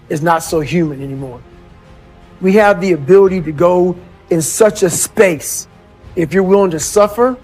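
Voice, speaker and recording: A middle-aged man from the United States giving blunt, profane motivational talk and calling listeners "man" and "bro". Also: high-pitched. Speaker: motivational speaker. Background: faint music.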